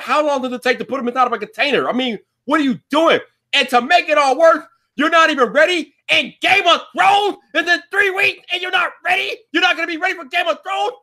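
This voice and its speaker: A young man hosts a ranting tech show, his voice very high and cutting. He talks loud and exasperated, often breaking into shouts and swearing. Every complaint comes out sharp and bright. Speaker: show host.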